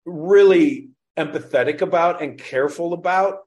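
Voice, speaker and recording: Guy comic w/ a little indiana drawl, swears a lot, kinda higher voice, just chatting. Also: moderate pace. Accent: slight Indiana drawl. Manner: profane, animated storyteller. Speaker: comedian. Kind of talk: casual podcast chat.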